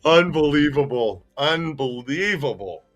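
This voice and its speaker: Laughing, unhurried podcast host. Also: male voice, fairly high pitch, expressive, fairly bright tone, dull audio, soft background music. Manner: laughs often, teasing, reads viewer comments. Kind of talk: casual podcast chat.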